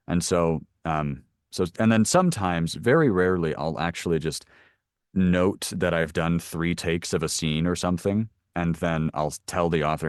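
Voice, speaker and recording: A man, an audiobook narrator, answering interview questions in a relaxed, thoughtful way with frequent fillers and restarts. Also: deep voice, dry recording, clean studio sound. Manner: thoughtful, explains at length with many fillers.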